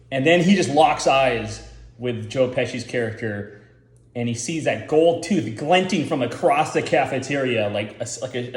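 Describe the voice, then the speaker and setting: A man's voice: medium pitch, roomy sound. A man giving rambling, profane casual commentary, full of filler words, as the host.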